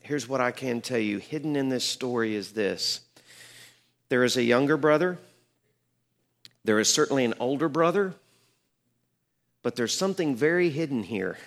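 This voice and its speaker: A man's voice: medium pitch, vocal fry. A middle-aged man, a pastor, telling a story in a sermon, earnest and building to emphatic peaks.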